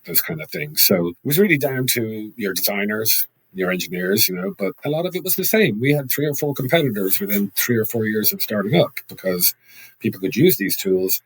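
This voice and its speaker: Husky Irish man telling stories. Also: lowish voice, fairly quick, poor audio. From Ireland. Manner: animated anecdotal talk with frequent restarts. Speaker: guest, sales trainer. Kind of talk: podcast interview, storytelling.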